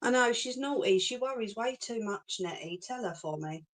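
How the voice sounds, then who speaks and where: A woman's voice: on the high side, animated, normal speed. Chatty woman, laughs often. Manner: chatty and reassuring, laughs often, says "do you know what I mean". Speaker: crafter chatting with live viewers. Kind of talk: casual live-stream chat.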